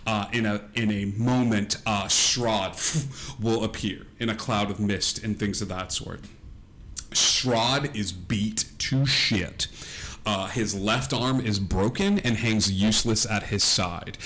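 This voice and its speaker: Low-voiced rambling game master, man. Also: slow, a bit bright. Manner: meandering, filler-heavy narration. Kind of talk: narrating a tabletop game.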